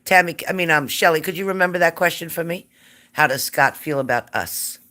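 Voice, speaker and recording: A woman's voice: deep voice, brisk, pushed and bright. A woman hosting a live psychic reading stream, chatting casually and greeting viewers by name.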